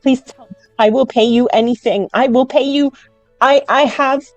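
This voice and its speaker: A woman's voice: high-pitched, unhurried, no echo, soft background music, voice pushed up, rough recording. A woman voicing a panicky male potion seller who stammers and pleads, in a tabletop game. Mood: pleading.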